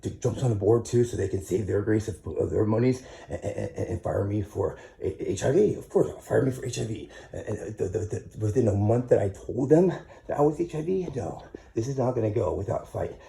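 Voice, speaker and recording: Gravelly, agitated man ranting. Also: lowish voice, fairly quick, mellow. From United States. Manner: agitated, stammering restarts, profane. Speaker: tenant filming a complaint video. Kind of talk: angry personal vlog rant. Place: small apartment bedroom, indoors.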